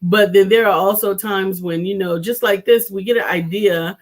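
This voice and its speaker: A woman co-hosting a talk show, chatting easily and reading out comments from viewers. She sounds effusive and laughs often, and her voice sits at an ordinary pitch. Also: steady tone, normal speed. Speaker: co-host.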